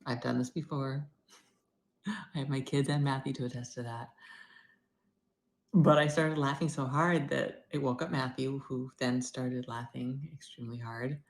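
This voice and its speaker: A middle-aged woman talking candidly in a personal video diary, rambling and moving between loud bursts and near-whispers. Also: a bass voice, fairly even intonation, unhurried. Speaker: vlogger.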